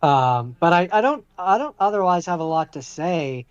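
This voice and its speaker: A man co-hosting a podcast in casual chat, talking in a measured, hesitant way with lots of fillers and sounding like he's losing his voice. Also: on the high side, expressive, clean tone, highs cut off. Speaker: podcast co-host.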